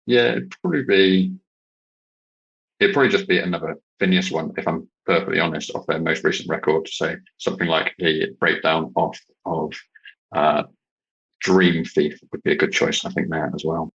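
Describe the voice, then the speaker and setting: A man from Britain, a podcast guest, talking in a hesitant casual way with many pauses and restarts. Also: rumbling low, fairly even intonation, gravelly, a bit bright, husky, muffled recording. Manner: hesitant, lots of ums and restarts. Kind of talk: casual chat.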